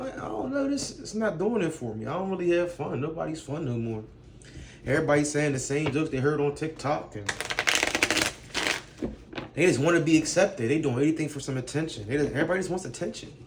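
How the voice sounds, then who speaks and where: A man's voice: fairly high pitch, background noise. A man ranting in a casual vlog, blunt and profane, firing off rhetorical questions. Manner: blunt, profane street talk. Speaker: vlogger. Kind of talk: casual rant to camera.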